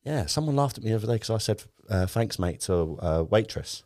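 A man's voice: lowish voice, lively intonation, a little fast, darkish tone, slight background noise. A young English man co-hosting a podcast, swearing a lot and laughing as he tells stories in casual banter. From England. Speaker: podcast co-host.

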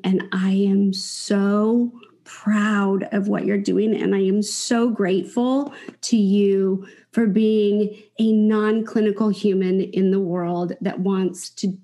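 A woman's voice: mid-range voice, level tone, slow pace, mellow. A woman guest on a podcast, a professional in EMDR therapy, speaking in an earnest, emphatic way. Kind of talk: casual podcast conversation.

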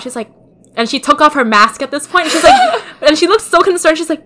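Bright, animated young woman telling a story. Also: high voice, fairly quick. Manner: animated storytelling, acts out quoted voices. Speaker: podcast co-host. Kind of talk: casual chat.

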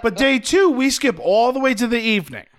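A man's voice: very high voice, brisk. A man co-hosting a podcast, animatedly recapping a film in casual chat. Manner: animated storytelling with playful impressions. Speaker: podcast co-host.

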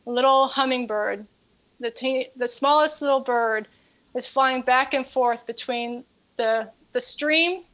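Earnest woman fitness coach, somewhat high. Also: a bit bright. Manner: earnest, repeats words often. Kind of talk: storytelling interview guest.

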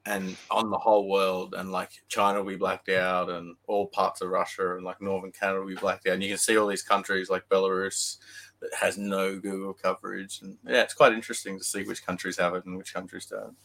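A man's voice: deep voice, flat delivery, a little fast, vocal fry, fairly bright tone. A man with an Australian accent chatting casually on a podcast, rambling and laughing at his own jokes. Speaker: podcast co-host. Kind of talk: casual chat.

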